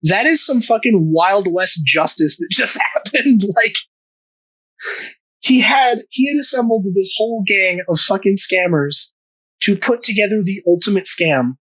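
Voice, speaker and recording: A young man co-hosting a podcast, cursing a lot, laughing and riffing quickly in casual comedic chat. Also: sits high, expressive, fairly bright tone, rough recording. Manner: sweary, laughing, rapid riffing. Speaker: podcast co-host.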